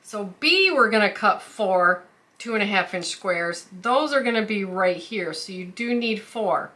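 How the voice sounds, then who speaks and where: A woman's voice: medium pitch, animated, unhurried, pushed and bright. A woman hosting a quilting tutorial who explains each step carefully, with the odd filler. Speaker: quilting channel host. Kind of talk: craft tutorial.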